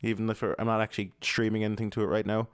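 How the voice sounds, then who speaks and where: A man's voice: lowish voice, flat delivery, rapid-fire, clean tone, no echo, studio quality. A young Irish man rambling to his podcast at home, mumbling and swearing, with many fillers. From Ireland. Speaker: podcast host. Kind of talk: casual rambling monologue. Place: home apartment.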